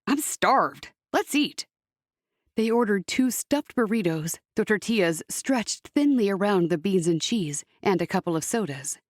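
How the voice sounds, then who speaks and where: A woman's voice: mid-range voice, animated, normal speed, few pauses, darkish tone, no echo. Woman narrating an audiobook, dry booth. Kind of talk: scripted narration.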